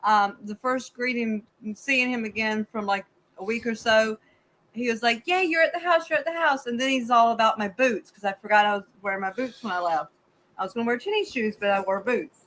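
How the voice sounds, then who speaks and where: A woman's voice: a little high, brisk, low-quality recording. A woman co-hosting a casual livestream, telling a rambling story and acting out her dog's reactions in little voices. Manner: rambling, animated, acts out the dog in voices. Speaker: co-host of a homestead livestream. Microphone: video call.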